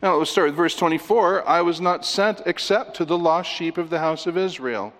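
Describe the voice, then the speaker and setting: A man's voice: on the high side, moderate pace, a bit bright. A man preaching an expository sermon, emphatic as he walks listeners through scripture references. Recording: long reverb of a large hall.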